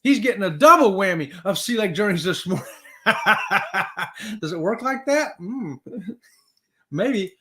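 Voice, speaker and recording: A man's voice: sits high, lively intonation, slow, pauses often, pushed and bright. A man hosting a casual livestream, upbeat, reading viewer comments aloud and laughing often. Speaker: livestream host.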